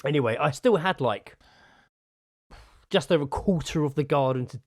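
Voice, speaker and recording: A man co-hosting a podcast, telling animated stories in casual chat and swearing a lot. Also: on the high side, normal speed, no room sound, studio quality. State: sore from gardening. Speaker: podcast co-host.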